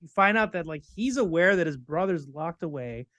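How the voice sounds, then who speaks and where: Man, podcast co-host, slightly higher voice, dry close recording, laid-back, hesitant. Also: expressive, moderate pace, a bit bright, no room sound. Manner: laid-back, hesitant with many ums and likes. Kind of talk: casual chat.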